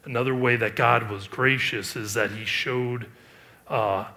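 Preaching in a mid-range, somewhat creaky voice, this middle-aged pastor keeps a measured pace and fairly even intonation. He reads passages of scripture and remarks on them, sometimes rising with emphasis, sometimes dropping into quiet asides.

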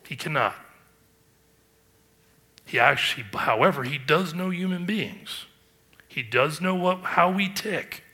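A man's voice: a little high, animated, measured pace, pauses often, sharp tone. A man preaching a sermon, earnest and emphatic, with rhetorical questions. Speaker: pastor.

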